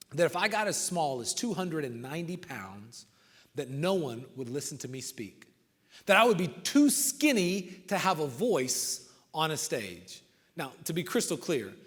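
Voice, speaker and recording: A man giving a motivational talk to coaches, telling stories and swinging from loud outbursts to hushed lines. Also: a little high. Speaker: motivational speaker. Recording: reverberant hall.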